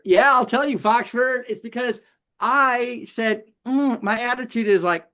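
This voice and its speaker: A man, a puppeteer guest, chatting casually and telling stories in an animated way with many fillers, over a video call. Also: extremely high pitch, measured pace. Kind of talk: casual chat.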